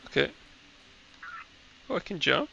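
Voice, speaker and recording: A man's voice: on the high side, big pitch swings, a little slow, gravelly, pushed and bright. A man casually talking to himself while he streams a game, muttering offhand remarks as he plays, recorded on a headset mic. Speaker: gamer streaming a playthrough. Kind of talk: casual gameplay commentary. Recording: dull lo-fi headset audio with faint hiss.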